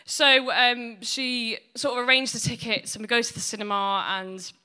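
A woman's voice: on the high side, steady tone, normal speed, sharp tone, smooth. A woman doing blunt, sweary, self-mocking stand-up storytelling. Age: 20s. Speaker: stand-up comedian.

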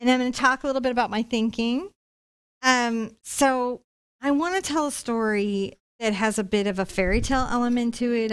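A woman's voice: a little high, clean tone. A woman hosting a live acrylic painting tutorial, explaining each step in a chatty, encouraging way. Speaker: painting instructor and live-stream host.

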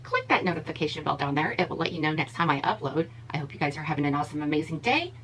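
A woman's voice: sits low, lively intonation, rapid-fire, a bit bright, slight background noise, low-quality recording. A woman beauty vlogger giving blunt, opinionated commentary in a casual chat while she does her makeup.

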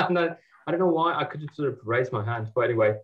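A man's voice: medium pitch, animated, brisk. Apologetic man with a Persian accent, dull call audio. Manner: apologetic, laughing easily. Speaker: session participant. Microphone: video call.

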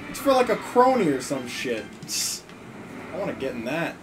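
A man co-hosting a let's play, excitable and bursting into loud exclamations as he plays. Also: medium pitch, normal speed. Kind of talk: casual gaming commentary. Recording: game music behind.

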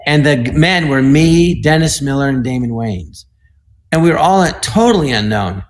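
Man in his 60s rambling through old stories on a video call, lively, keeps doing voices. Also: medium pitch. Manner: animated, rambling, quick to slip into voices. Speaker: guest comedian. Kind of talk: anecdotal storytelling.

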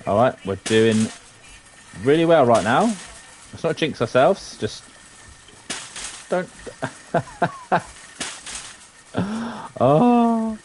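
A British man giving chatty let's-play commentary, muttering at the game with sing-song hums and sudden high exclamations. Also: expressive, drawn-out words, pauses often, darkish tone, a little hiss or hum. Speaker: gamer playing for his sons.

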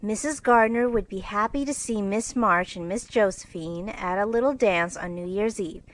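A woman's voice: medium pitch, normal speed, lightly acted, low-quality recording. A woman voicing a fussy, girlish teenage older sister in a storybook reading, in a raised, eager and fretful way. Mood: delighted.

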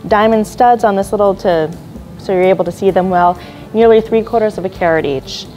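A woman's voice: mid-range voice, fairly quick, warm tone, low-quality recording. A woman presenting jewelry and watches in an auction preview, describing each piece with admiring remarks and small apologies, over faint music. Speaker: auction house jewelry specialist.

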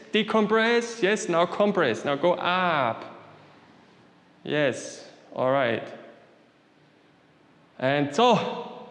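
A man's a little high, slightly bright voice guides a qigong class with short instructions in simple, non-native English. He frequently checks in with "yeah?", heard from some distance in an echoey hall.

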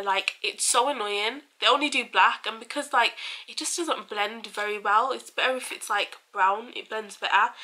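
A woman's voice: a little high, heavy background noise. A young woman chatting casually through a shopping haul, bubbly and full of fillers. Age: young adult. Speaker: beauty vlogger.

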